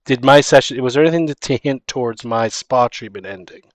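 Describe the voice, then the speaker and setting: A man's voice: medium pitch, fairly quick, no echo. A man playing a tabletop game, chatting casually and rephrasing his questions. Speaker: player.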